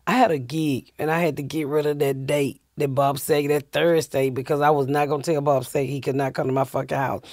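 A deep-voiced, middle-aged comedian from the United States with a Southern accent tells casual stories fairly quickly with few pauses, swearing freely and animatedly acting out what people said. She's a guest, captured in a dry, studio-quality recording.

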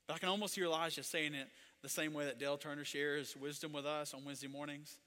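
A man preaching a sermon. He moves between hushed storytelling and loud, impassioned passages. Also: on the high side, little pitch movement, fast, big-room sound. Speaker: pastor.

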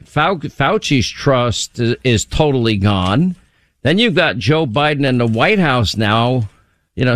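A man's voice: medium pitch, dry recording. Talk radio host, male, dry close studio sound, wry and rambling.

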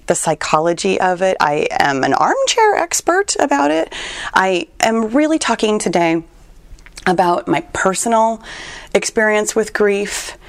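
A woman hosts her own podcast, speaking close to the mic in a dry, deadened space. She sounds near tears, talks in halting, repeated starts and lets small laughs slip through. Her pitch sits in a middle range for a woman. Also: dry recording. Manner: emotional, tearful, laughs often, repeats words while searching for them. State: on the verge of tears. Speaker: podcast host and fitness trainer. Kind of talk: personal podcast monologue.

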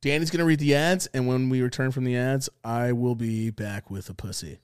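A young man co-hosting a podcast, telling a story in animated casual chat with a lot of swearing and acted-out quotes. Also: medium pitch, moderate pace, smooth. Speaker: podcast co-host.

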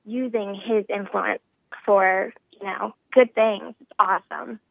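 A woman calls in over a thin, phone-like line that sounds dry and close. She is a pastor's wife chatting in a warm, effusive way, full of "you know" and laughter. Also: mid-range voice, fairly even intonation, slow, vocal fry, dry recording. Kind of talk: casual interview chat. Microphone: phone call.

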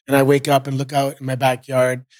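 Speaking fairly quickly in a mid-range voice, this former wrestler from Canada is a middle-aged podcast guest. He chats and spins stories easily, with lots of filler words, and the studio recording is echo-free.

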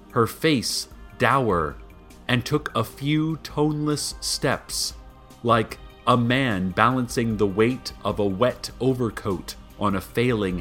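A man speaks as the host of a strange little radio show, unhurried and deadpan, pausing for effect between phrases. His voice sits low, and his delivery is very slow. Faint music plays softly behind him. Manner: slow, deadpan, dramatic pauses. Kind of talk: scripted radio narration.

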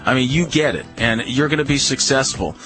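A man's voice: mid-range voice, brisk, a bit bright, faint music behind, rough recording. A man on a call-in radio show giving dog-training advice in a firm, instructive way, often repeating key words.

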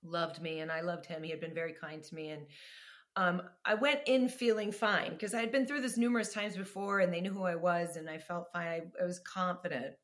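Lower-pitched woman telling stories animatedly. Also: brisk. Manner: animated, laughs often, self-deprecating. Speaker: actress and guest. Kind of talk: casual interview storytelling.

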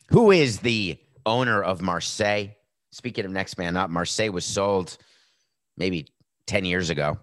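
A man's voice: deep voice, lively intonation, measured pace, a bit bright, no echo. A middle-aged man hosting a sports talk show, giving a brash, sarcastic monologue with a tired, sore voice. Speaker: podcast host.

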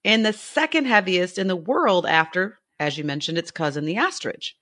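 A woman co-hosting an animal podcast in easy conversation. Her voice sits a little low but sounds bright and forward, and she is eager and chatty, laughing as she goes. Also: expressive, normal speed. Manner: enthusiastic, chatty, laughs often. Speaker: podcast co-host. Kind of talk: casual chat.

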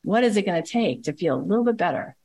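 A woman's voice: lowish voice, expressive, fast, a little mellow. A woman podcast host giving a passionate, emphatic motivational talk to her listeners.

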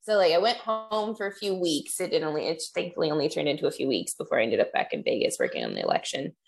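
With a low, fast voice and vocal fry, a young podcast co-host chats casually, animatedly telling stories while laughing and swearing.

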